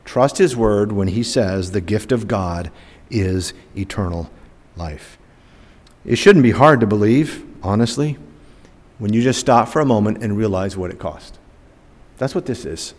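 An older man preaching a sermon, rising emphatic and dropping to soft, slow phrase endings. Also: lowish voice, animated. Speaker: pastor. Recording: long hall reverb.

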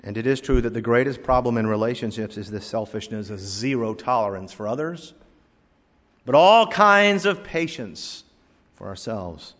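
An older male pastor delivers a sermon in a church sanctuary, mid-pitched and animated. He acts out the voices in his anecdotes. The long reverb of a large hall hangs behind every line. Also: moderate pace.

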